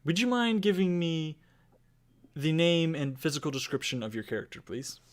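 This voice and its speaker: A man's voice: on the high side, moderate pace. A man narrating a tabletop game as game master, in loose, rambling speech.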